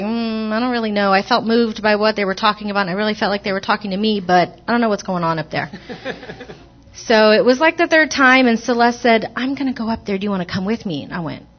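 A woman's voice: mid-range voice, quick pace, highs cut off. A woman telling the congregation her personal testimony in a church, hesitant and earnest, with many restarts. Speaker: church member giving testimony. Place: church sanctuary.

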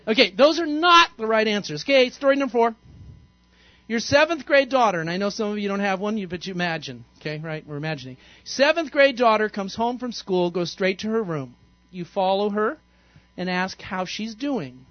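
A man's voice: sits high, animated, normal speed, no room sound, muffled recording. A man, a pastor, giving an interactive sermon in a conversational, playful way and quizzing the congregation. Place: church sanctuary.

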